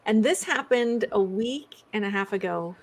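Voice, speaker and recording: Relaxed woman author guest at an ordinary mid pitch, chatting casually in an interview. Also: normal speed.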